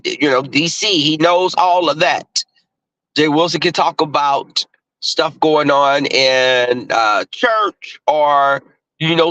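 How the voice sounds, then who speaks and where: A man's voice: on the high side, a bit bright, no echo, rough recording. A middle-aged man with a Southern US accent talks to viewers in a blunt, profane, casual monologue, full of fillers and restarts. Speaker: online talk host.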